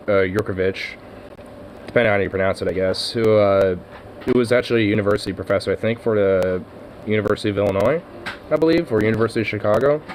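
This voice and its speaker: A man's voice: lowish voice, darkish tone, slight background noise. A man chatting casually on his own vlog, rambling and swearing, with laughs and lots of fillers. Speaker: vlogger.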